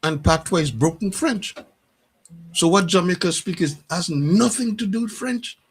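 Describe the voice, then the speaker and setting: A man speaking as a guest in a casual radio discussion. His voice is husky and a little higher than most men's. He tells his stories in an animated way and acts out the dialogue in them. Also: normal speed.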